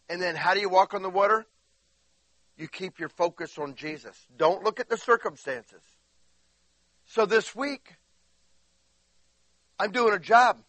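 A man preaching a sermon, emphatic, going from quiet asides to crying, shouting peaks, and speaking while in constant bodily pain. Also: high-pitched, dry recording. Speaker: pastor.

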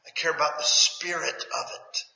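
A man's voice: a little high, steady tone, normal speed, creaky, bright, forceful tone. A man preaching a sermon in a plainspoken, conversational way, asking his congregation questions. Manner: plainspoken, folksy. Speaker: pastor. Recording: echoey hall, dull lo-fi sound.

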